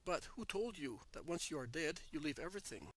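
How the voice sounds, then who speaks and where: Man reading as a calm, kind teacher. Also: fairly high pitch, a little fast, dry recording, poor audio. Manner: calm, gently questioning.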